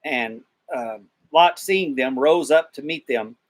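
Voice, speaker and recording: A man's voice: mid-range voice, slow. A man rambling through a casual Bible discussion, retelling scripture in slangy paraphrase. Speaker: discussion participant.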